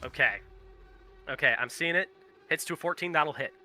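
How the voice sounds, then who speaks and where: Bright-voiced male game master. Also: on the high side, normal speed, soft background music. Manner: casual, swearing, laughing often. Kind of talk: narrating a tabletop game.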